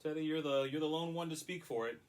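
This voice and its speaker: A man's voice: on the high side, quick pace, distant mic, rough recording. A man giving a casual, rambling and critical movie review with frequent restarts.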